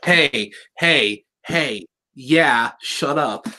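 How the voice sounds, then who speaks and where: A co-host in a casual review chat, with a bright, sharp tone that swings up and down in pitch. The delivery is teasing and full of wry asides. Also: animated, extremely slow. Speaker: podcast co-host.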